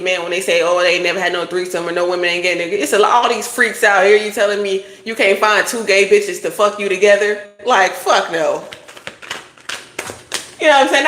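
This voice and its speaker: A woman's voice: mid-range voice, fairly quick, fairly bright tone, echoey room. A woman doing a casual tarot reading, talking bluntly with lots of swearing and preachy advice. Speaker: tarot reader.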